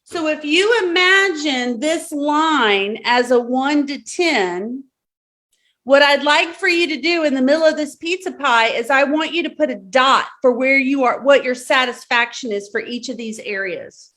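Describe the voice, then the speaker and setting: In an unhurried, high-pitched, fairly bright voice, a woman with a Southern accent leads a live-streamed workshop. She breaks the instructions into steps, repeats key words, and checks in with the audience often.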